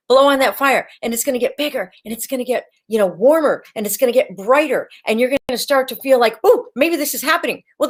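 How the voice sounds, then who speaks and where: A woman hosting a live-stream coaching session, talking in an energetic, chatty way and repeating her key words. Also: high voice. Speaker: video coach hosting a livestream.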